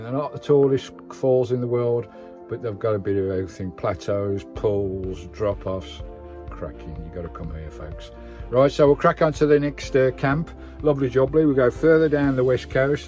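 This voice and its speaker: A British man vlogging his vanlife travels, excited and out of breath after a climb, exclaiming often. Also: medium pitch, poor audio. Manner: exclamatory and enthusiastic, lots of "wow"; relaxed, rambling chat with fillers. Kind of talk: casual vlog commentary.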